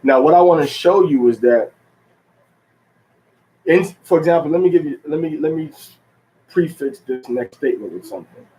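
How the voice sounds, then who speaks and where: A man teaching a religious lesson in an unhurried, halting way, with many fillers and restarts, drawing out the words he stresses. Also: on the high side, animated, mellow, poor audio. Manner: drawn-out stress on key words. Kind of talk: teaching talk.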